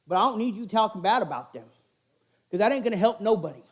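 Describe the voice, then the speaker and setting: A man's voice: high voice, lively intonation, fast. A middle-aged man giving an informal, earnest sermon in a conversational, repetitive way. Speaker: chapel speaker.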